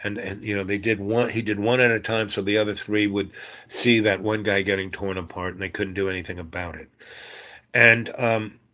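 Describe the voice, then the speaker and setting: A man with a somewhat low voice tells a story in a loose, conversational way. He rambles, stops to restart, and fills the gaps with ums and you-knows. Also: fairly even intonation, normal speed, sharp tone. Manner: rambling, many fillers and restarts. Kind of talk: casual spoken story.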